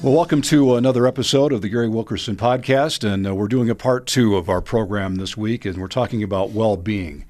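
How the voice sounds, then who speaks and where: A man hosting a podcast, asking questions in a relaxed way with filler pauses. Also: lowish voice, soft background music. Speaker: podcast host. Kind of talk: interview questions.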